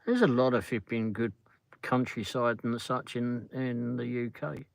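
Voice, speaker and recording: A man's voice: medium pitch, unhurried, creaky, dry recording, poor audio. A middle-aged English man hosting a casual livestream chat from a car on the drive home, rambling as he answers viewer comments. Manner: rambling, peppers talk with "flipping". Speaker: livestream host.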